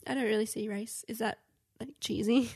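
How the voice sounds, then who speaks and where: A young woman with an Australian accent talks casually on a couple's vlog, often protesting and defending herself. Her voice sits a bit high. The recording is dry and close to the mic. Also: fairly even intonation, normal speed, darkish tone, husky, dry recording. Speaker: vlog co-host.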